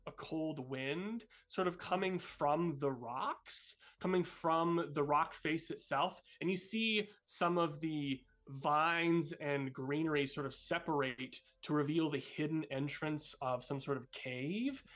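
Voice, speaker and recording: A woman game master narrating a tabletop game with a slightly low voice. She talks hesitantly, with many fillers. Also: takes it slowly, hardly any pauses.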